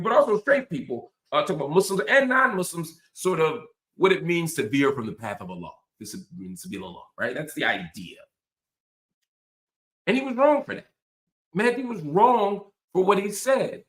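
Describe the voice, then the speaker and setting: A man's voice: fairly high pitch, fairly bright tone, roomy sound. A man hosting a show, delivering an impassioned, emphatic political commentary monologue. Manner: impassioned, emphatic, repetitive rhetorical. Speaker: host.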